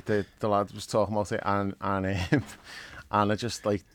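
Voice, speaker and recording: A man, co-hosting a casual football chat, blunt and sweary, getting loud when he argues a point. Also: on the low side, little pitch movement, normal speed. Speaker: podcast co-host, football editor.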